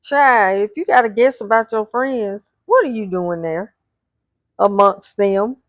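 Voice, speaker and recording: A woman's voice: medium pitch, expressive, unhurried, no room sound. A woman recapping a reality TV episode scene by scene, reading out what the cast said and adding blunt asides. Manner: retells scenes, reading out the cast's lines.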